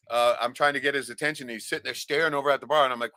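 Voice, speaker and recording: A man's voice: mid-range voice, steady tone, rapid-fire, hardly any pauses, pushed and bright, clear, resonant tone, dry recording. A man from Alaska hosting a livestream, telling a rambling, profane story in casual chat and tagging "right?" onto his sentences. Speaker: livestream host.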